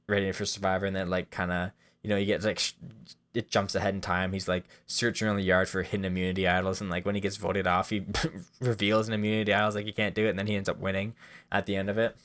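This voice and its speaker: A man casually pitching comedy sketch ideas in a rambling, self-deprecating way, full of fillers. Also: level tone, quick pace, a bit bright. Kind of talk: casual monologue.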